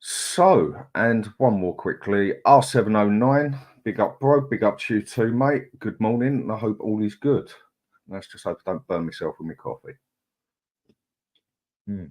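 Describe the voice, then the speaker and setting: A man's voice: lowish voice, expressive, measured pace, darkish tone. A middle-aged man, hosting a casual live chat, greeting viewers in a chatty, laid-back way. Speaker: livestream host.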